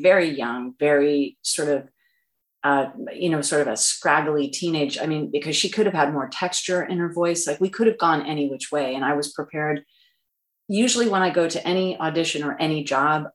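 A middle-aged woman, a voice actress, answering interview questions in an earnest, halting way with many fillers and restarts. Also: low-pitched. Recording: roomy echo.

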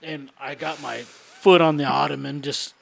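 A man's voice: on the high side, normal speed, vocal fry. A young man co-hosting a podcast, telling a story in casual, swear-filled chat. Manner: animated storyteller, swears freely. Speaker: podcast co-host.

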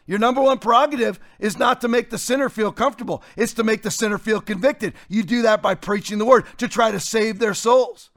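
A middle-aged man, a pastor, preaching forcefully and quoting scripture, rising to shouts. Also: high voice, brisk, few pauses. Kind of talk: fiery preaching on a talk show.

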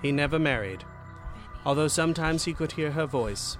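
A man narrating an audiobook story in a dramatic, expressive way. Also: on the high side, normal speed, faint music behind.

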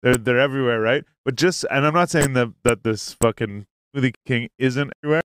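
A man's voice: mid-range voice, a little fast, fairly bright tone. Rambling, swearing male podcast host. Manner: rambling, swears often, laughs easily. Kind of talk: casual chat. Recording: faint hiss.

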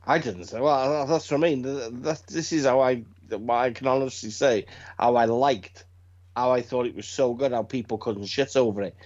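A middle-aged man, chatting casually as a podcast co-host and telling stories in an animated, sweary way. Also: medium pitch, moderate pace. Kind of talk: casual chat. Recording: dull lo-fi sound.

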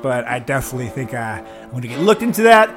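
A man's voice: mid-range voice, fast talker, music in the background. A man co-hosting a podcast, talking casually with frequent swearing and laughter. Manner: animated, swearing, laughing often. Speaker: podcast co-host.

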